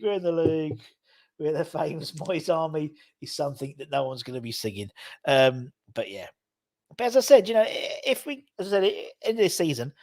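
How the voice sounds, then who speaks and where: Sweary football fan host. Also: male voice, a little high, no echo, studio quality. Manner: animated, sweary, reads viewer comments aloud. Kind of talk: casual live matchday chat.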